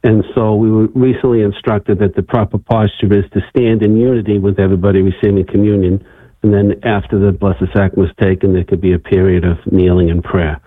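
Male caller, tinny phone line, low voice, halting, upset. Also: little pitch movement, no room sound. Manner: hesitant, halting, many restarts. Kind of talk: phone-in question.

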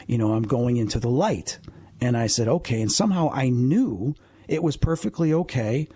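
Radio guest, male, 50s, husky mid-range voice, earnest and animated storyteller, dry sound. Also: mid-range voice, normal speed, no echo. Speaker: paranormal investigator and medium, guest.

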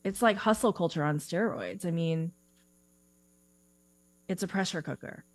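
A woman with a fairly low voice talks casually and animatedly, giggling and filling her speech with "like" and "you know". The sound is dry and close, with a faint mains hum underneath. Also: measured pace, no echo. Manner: animated, giggly, filler-heavy. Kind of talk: casual interview chat.

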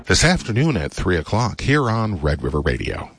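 A man reading station identification and underwriting credits as a public radio announcer, with a smooth, lilting delivery. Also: deep voice, wildly swooping pitch, normal speed, a bit bright, faint music behind.

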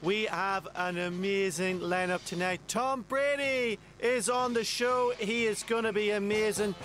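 A man's voice: high voice, unhurried, fairly bright tone. A male TV host doing a flustered, tearful promo and apologising between lines. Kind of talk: promo to camera. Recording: music under voice.

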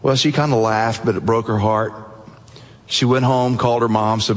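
A man preaching a sermon, telling a story earnestly and dropping low and soft at the emotional moments. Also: steady tone, normal speed, long reverb tail. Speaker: pastor.

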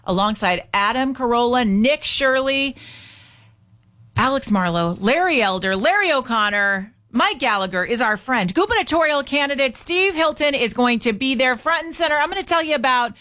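A woman's voice: high-pitched, lively intonation, normal speed, pushed and bright. A woman hosting a talk radio show on a studio microphone, chatty, upbeat and opinionated.

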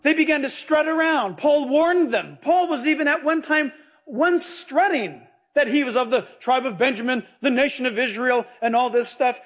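A male pastor preaches with animated, joking energy, slipping into stories as he goes. His voice sits high for a man and has a husky edge. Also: normal speed. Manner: animated, jokey, storytelling preacher. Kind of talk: sermon.

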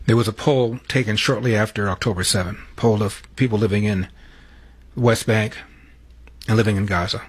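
Husky man hosting political commentary. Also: lowish voice, steady tone, normal speed. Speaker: commentary host. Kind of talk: political commentary introducing clips.

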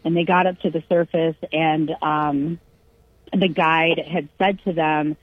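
A middle-aged woman from California spins a family story in relaxed, casual conversation. She acts out each person she quotes and laughs as she goes. Her voice sits a little low and husky, and it reaches us dry and boxy through a narrow, phone-like radio line. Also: a little slow, dry recording.

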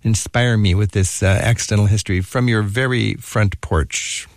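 A man's voice: fairly low pitch, steady tone, normal speed, no room sound, studio quality. A man hosting a radio travel show and interviewing a guest, musing with enthusiasm.

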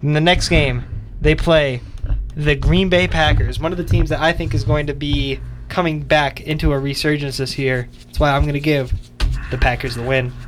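Young guy on college radio talking football picks, a bit high voice, faint hiss behind. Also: steady tone, moderate pace. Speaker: radio show co-host. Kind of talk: casual sports radio chat.

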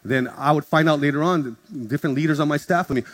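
A man's voice: on the high side, quick pace. A man, a pastor, preaching a sermon and telling a story, acting out each person's voice. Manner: animated, acts out conversations in shifting voices.

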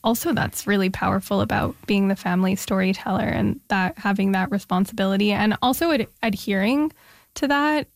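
A woman's voice: medium pitch, brisk, vocal fry, no room sound. Woman host asking thoughtful questions, dry close mic. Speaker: interviewer host. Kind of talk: conversational interview.

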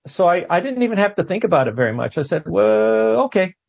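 Male guest, a bit high-pitched and husky, lively self-mocking storyteller. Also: dull audio. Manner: animated, self-deprecating, quick asides. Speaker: guest, physicist. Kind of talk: storytelling interview answer.

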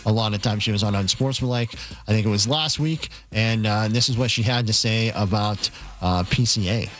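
A man's voice: lowish voice, normal speed, fairly bright tone. A man on a sports radio show introducing audio clips in a plain, matter-of-fact way.

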